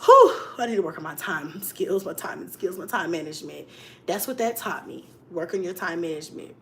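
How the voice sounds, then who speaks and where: A young woman vlogger telling a story in casual chat, laughing often and swinging between loud bursts and hushed asides. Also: lowish voice, lively intonation, fairly quick.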